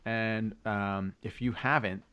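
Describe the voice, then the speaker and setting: A man's voice: fairly low pitch, steady tone, takes it slowly, pushed and bright, clean tone, muffled recording. A man co-hosting a podcast, rambling casually through a recap with loose swearing. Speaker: podcast co-host. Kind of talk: casual chat.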